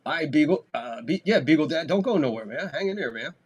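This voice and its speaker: A man's voice: fairly high pitch, expressive, brisk, slightly rough. A man hosting a live baseball stream, giving casual play-by-play, talking loosely and swearing freely. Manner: loose, talky, swears freely, gets loud on big plays. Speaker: host doing live baseball commentary.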